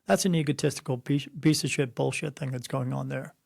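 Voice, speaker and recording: A man's voice: medium pitch, fairly even intonation, fairly quick, vocal fry, darkish tone, dry recording, studio quality. A middle-aged man, a spirit medium being interviewed, telling stories bluntly and preachily and acting out the voices of people he quotes. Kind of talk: conversational interview, storytelling.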